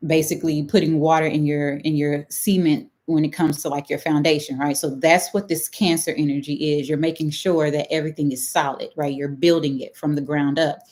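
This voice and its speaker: A woman's voice: sits low, level tone, brisk, hardly any pauses, a little mellow. A middle-aged woman with a Texan accent, hosting a casual live-stream astrology talk and often checking in with her listeners. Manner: chatty, checks in with "right?" and "okay?".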